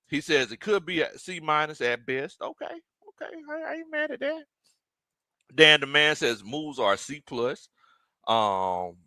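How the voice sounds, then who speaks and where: A man hosting a casual sports live stream, reading viewer comments aloud, animated and laughing often. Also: medium pitch, no room sound. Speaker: sports show host.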